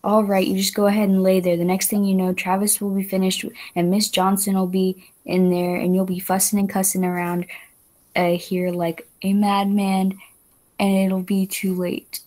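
Woman student reading weary young mother, classroom play reading, halting, plain delivery, mid pitch. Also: level tone, darkish tone, close to an everyday voice. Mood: urging. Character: weary young mother waking her family. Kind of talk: classroom read-aloud of a play.

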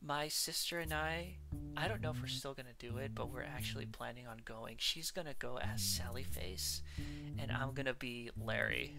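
Young woman, game streamer, playful, giggly, low voice, lively pitch, loud game music. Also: creaky. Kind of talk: casual let's-play chat.

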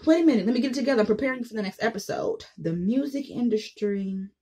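A woman's voice: a little high, rapid-fire, darkish tone, husky. Woman vlogger, blunt and profane, opinionated monologue straight to camera. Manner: blunt, profane, mocking voices she imitates.

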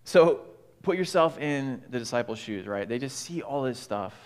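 Male pastor, sermon, casual animated delivery, mid-pitched voice. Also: normal speed, clear, resonant tone. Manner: casual, animated preaching with many "like" and "right?". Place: church.

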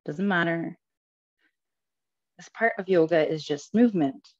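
A woman's voice: on the low side, a little slow, a little mellow. Breathless woman leading a yoga class. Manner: cueing poses step by step, laughing at slips. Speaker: yoga teacher. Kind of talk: live yoga class instruction. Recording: slightly dull lo-fi audio.

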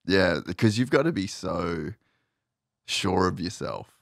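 A man hosting a podcast, talking excitedly and swearing freely, with "bro" and "dude" throughout. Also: sits low, slow pace, vocal fry, no room sound, clean studio sound. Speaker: podcast host. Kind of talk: casual podcast chat.

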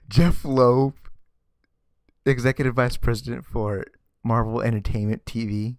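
A man's voice: mid-range voice, measured pace, pauses often, no room sound, studio quality. A man ranting sarcastically in a casual vlog commentary, exasperated and often stammering and repeating words. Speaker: vlogger. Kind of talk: ranting comic book commentary.

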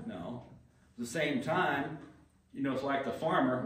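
Pastor preaching in an echoey hall. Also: male voice, medium pitch, animated, fairly bright tone. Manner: conversational, acts out quick voices and asks the room questions. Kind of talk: sermon. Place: church sanctuary. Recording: very echoey church hall, mic at a distance.

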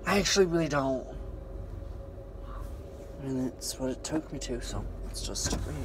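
A man's voice: mid-range voice, animated, moderate pace, long pauses. Nervous chatty man vlogging on a phone. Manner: anxious, chatty, exclamatory. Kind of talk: casual vlog. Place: in a car and an auto shop. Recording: noisy car and shop background.

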